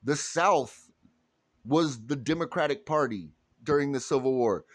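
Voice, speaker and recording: A man's voice: medium pitch, a little slow, no room sound. A man with an ordinary mid-range voice rants hard and swears freely. His delivery is blunt and heated, a monologue aimed straight at the listener. The sound is dry and close, with no room around it. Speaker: political commentator. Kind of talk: ranting monologue to camera.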